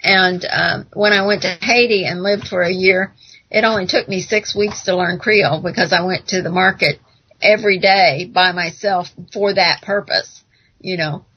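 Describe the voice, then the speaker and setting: An American woman chats over a muffled internet call, her voice gravelly and husky. She talks in an affirming, reflective way, often agreeing with the others. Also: lowish voice, steady tone, moderate pace. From United States. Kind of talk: casual podcast chat.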